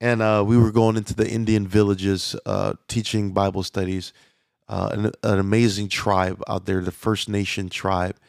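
A man's voice: fairly low pitch, little pitch movement, normal speed, gravelly, dry recording, studio quality. A man preaching as a pastor, talking conversationally with frequent restarts and fillers. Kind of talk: sermon.

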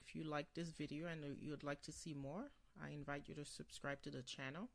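Haitian-accented male teacher, unhurried gravelly delivery, dry close sound; patient vocabulary drills. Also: fairly high pitch, level tone, no echo. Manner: slow, repeats each word, ends phrases with "ok?". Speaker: language teacher. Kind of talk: bilingual vocabulary lesson.

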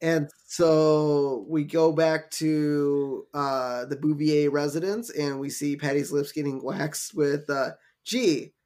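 A man's voice: fairly high pitch, flat delivery, slow, few pauses, a little mellow. A man co-hosting a podcast, chatting casually and retelling scenes with lots of fillers. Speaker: podcast co-host. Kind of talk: casual chat.

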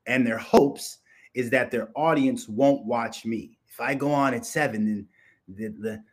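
A man hosting a livestream, ranting in a brash, boastful and mocking way, full of swearing. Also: mid-range voice. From Minnesota. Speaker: livestream host. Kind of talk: profane livestream rant.

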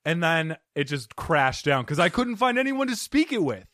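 Lively man telling animated stories. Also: fairly high pitch, normal speed, no room sound, clean studio sound. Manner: animated storyteller who acts out voices. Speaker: podcast host. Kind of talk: casual chat.

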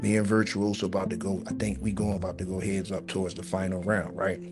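Animated storytelling man, music underneath. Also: sits low, fast talker. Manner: animated, repeats words, swears freely. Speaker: podcast co-host. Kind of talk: casual storytelling chat.

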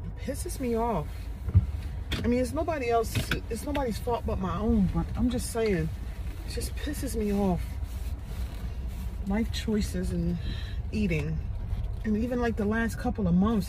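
Woman, podcast host, candid confession, frustrated, halting restarts, sighs, mid-range voice. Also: medium pitch, dark tone, slight background noise.

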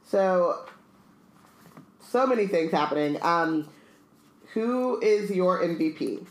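A podcast co-host with a mid-range voice reads a novel aloud and chats about it in a relaxed way. The room adds a noticeable echo. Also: mid-range voice, slow. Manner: casual and chatty, reads dialogue plainly. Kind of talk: casual read-aloud and book chat.

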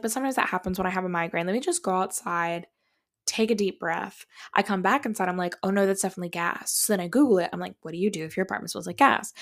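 A young woman hosting a podcast, telling a story in a casual, profane, dramatic way. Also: medium pitch. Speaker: podcast host.

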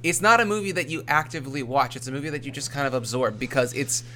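A man's voice: medium pitch, fast talker, bright, forceful tone, slight background noise. Blunt, profane man in casual chat. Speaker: podcast co-host.

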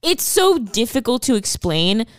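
A woman's voice: on the high side, big pitch swings, smooth, dry recording, clean studio sound. A woman chatting casually about a film, gushing and talkative, with many "like" fillers. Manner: gushing and chatty, heavy use of "like", quick laughs.

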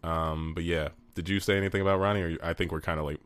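A man's voice: low voice, steady tone, rapid-fire, a bit bright, smooth, no echo. A man co-hosting a casual podcast, rambling with frequent restarts and laughter, talking into his own mic over a remote call. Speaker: podcast co-host. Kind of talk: casual chat.

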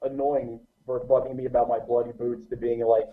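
A man spins a lively, swear-filled story about a night at a show. His voice comes through thin and phone-like, with a middling pitch. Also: brisk. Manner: animated, profane anecdote-telling. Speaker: guest musician. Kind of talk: casual storytelling. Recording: tinny phone-like line.

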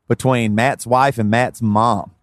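A man's voice: medium pitch, fairly even intonation, slow. A man co-hosting a podcast, chatting casually and laughing often as he reads posts aloud. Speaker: podcast co-host.

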